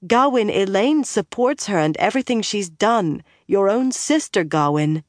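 A woman's voice: sits low, normal speed, a little mellow, no room sound, studio quality, natural voice. A narrator voicing an anxious young woman who pleads urgently with a friend. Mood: pleading.

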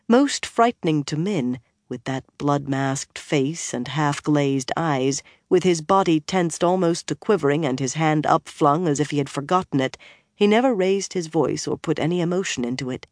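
An audiobook narrator reading a fantasy novel in a steady, expressive storytelling voice on a close mic. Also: medium pitch, normal speed, no room sound.

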